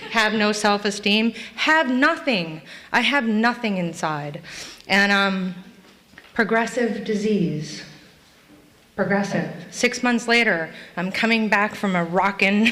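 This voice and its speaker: A middle-aged woman from Los Angeles telling her personal story to a live meeting, candid and self-mocking, acting out past scenes in high voices. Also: bright, forceful tone. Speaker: recovery meeting speaker. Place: meeting hall.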